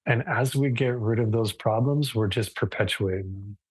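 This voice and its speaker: A man teaching a relaxed live yoga class online, talking casually and thoughtfully, with frequent restarts. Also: mid-range voice, normal speed, slightly rough, dry recording, rough recording.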